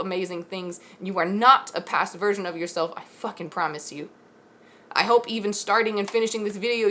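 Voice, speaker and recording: A woman's voice: mid-range voice, a bit bright. A woman giving a frank, encouraging motivational pep talk with an oracle reading, swearing freely as a spiritual content creator.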